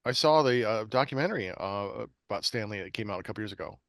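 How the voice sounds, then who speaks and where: A man's voice: lowish voice, animated, fast talker, a bit bright, no echo. A man hosting a horror podcast, chatting enthusiastically and rambling with plenty of fillers. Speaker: podcast host. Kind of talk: casual chat.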